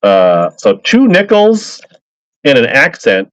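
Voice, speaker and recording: A man's voice: mid-range voice, huge pitch swings, slow pace. A man selling fishing gear on a casual live stream, rambling upbeat and greeting buyers by name. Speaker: live auction seller of fishing lures. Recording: slightly dull lo-fi stream audio.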